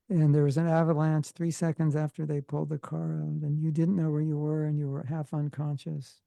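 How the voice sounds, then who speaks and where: Gravelly, mellow Californian man teaching. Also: on the high side, no room sound, poor audio. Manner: conversational, joking asides. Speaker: spiritual teacher. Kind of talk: informal devotional class.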